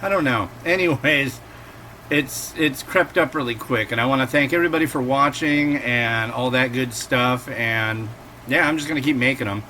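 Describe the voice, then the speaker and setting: Bright-voiced rambling man, casual vlog. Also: mid-range voice, normal speed, a little hiss or hum. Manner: rambling and digressive, acts out quotes. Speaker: instant noodle reviewer and host. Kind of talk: casual chatty cooking vlog.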